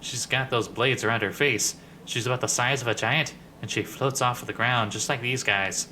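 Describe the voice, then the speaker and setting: A man's voice: mid-range voice, steady tone, moderate pace, sharp tone, a little hiss or hum. A man voicing a wisecracking floating male skull who gives blunt, offhand warnings in a video game. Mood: wry.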